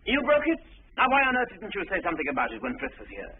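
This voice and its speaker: An actor playing a brisk, breezy upper-class husband in a 1940s film drama, teasing and quick to scold. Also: male voice, high voice, big pitch swings, a little hiss or hum. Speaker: husband and master of the house. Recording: tinny old film soundtrack under music.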